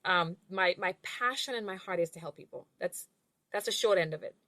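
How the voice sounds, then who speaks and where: A woman guest on an interview podcast, a money and life coach, speaking in an earnest, measured way. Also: fairly low pitch, pushed and bright, dry recording. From outside the US. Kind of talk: reflective interview answers.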